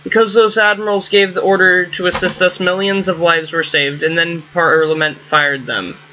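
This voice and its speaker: An earnest young woman crewmate from a space game, read out plainly by a man in his own bright, fairly high voice. The recording sounds a bit muffled, with a faint hiss behind it. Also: fairly even intonation, normal speed. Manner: plain read-aloud delivery, no accent.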